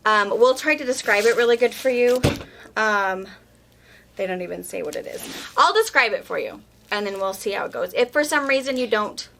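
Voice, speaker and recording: A woman's voice: mid-range voice, animated, moderate pace, creaky, sharp tone, slight background noise. A woman running a quilt shop, chatting casually and explaining fabric prints during an unboxing. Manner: enthusiastic, explains fabric details. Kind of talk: casual chat while unboxing.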